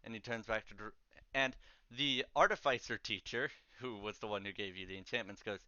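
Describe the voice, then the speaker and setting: Bright-voiced, rambling game master. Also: male voice, fairly low pitch, fairly even intonation, fairly quick, dry recording, muffled recording. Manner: casual, rambling, filler-heavy narration. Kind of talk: narrating a tabletop game.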